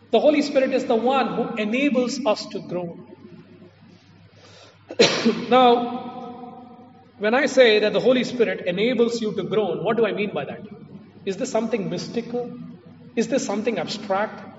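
Man preaching in a church, high voice, kinda far off and muffled, repeats himself for emphasis. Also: normal speed, slight background noise. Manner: emphatic, repeats key phrases. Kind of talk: sermon. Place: church hall. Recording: distant echoey hall, muffled.

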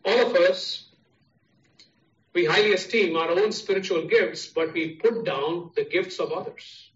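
A man with an Indian English accent delivers a sermon and drives each point home with repeated, parallel phrases. His voice sits fairly high. The recording sounds muffled and echoes around a room. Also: a little slow, a bit bright. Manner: repetitive, emphatic preaching with listed parallel phrases. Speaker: preacher. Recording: echoey, distant, dull sound.

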